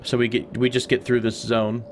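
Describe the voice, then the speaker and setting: A man talking through his game session in a loose, easygoing way. He rambles and thinks aloud, with asides as he goes, in a voice of middling pitch. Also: flat delivery, moderate pace, slight background noise. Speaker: let's play host. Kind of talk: casual gameplay commentary.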